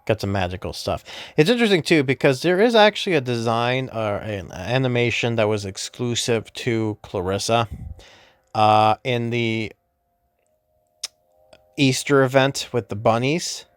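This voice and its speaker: A man's voice: medium pitch, lively intonation, unhurried, clean tone, no echo. A man casually recapping a game story as a YouTuber, rambling with many fillers and self-corrections. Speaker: gaming YouTuber.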